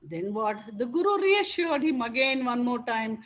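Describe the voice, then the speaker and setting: A woman teacher narrates a moral fable to her students. Her voice sits high, and she keeps pausing to ask the class questions. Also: sing-song, fairly bright tone, lo-fi sound. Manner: interactive, asks the listeners many questions. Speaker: spiritual teacher. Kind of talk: storytelling to a class.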